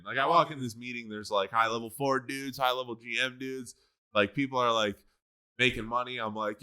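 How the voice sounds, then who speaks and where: A man's voice: mid-range voice, steady tone, fairly quick, pushed and bright, clean tone. A young man co-hosting a podcast, telling laid-back, profane stories and acting out dialogue. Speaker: podcast co-host. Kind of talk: casual chat.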